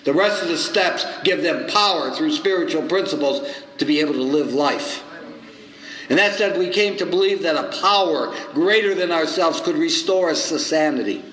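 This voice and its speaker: A man in his seventies, a recovery circuit speaker telling stories at a meeting and acting out both sides of the conversations with lively swings in his voice. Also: on the high side, normal speed. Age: 70s. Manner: animated storyteller acting out both sides of dialogue. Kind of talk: storytelling talk at a recovery meeting. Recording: echoey hall with faint noise.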